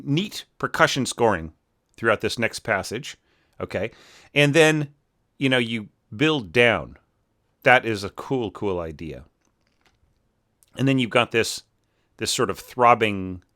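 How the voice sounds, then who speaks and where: A man's voice: fairly low pitch, animated, unhurried, pauses often, bright, forceful tone. A middle-aged man critiquing an orchestral score in a casual, chatty way, full of fillers and sung-out musical phrases. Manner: chatty, filler-heavy, sings phrases with nonsense syllables. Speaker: orchestration teacher giving feedback.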